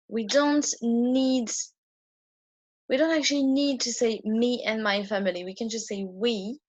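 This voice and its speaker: A woman's voice: medium pitch, no room sound, muffled recording. A woman teaching a French grammar lesson at a whiteboard, explaining patiently with frequent ums and restarts. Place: indoor room with a whiteboard.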